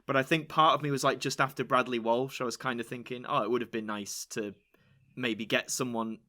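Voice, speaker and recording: A man from England hosting a casual interview, chatty and animated, often jumping into high quoted voices. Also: brisk. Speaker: podcast host.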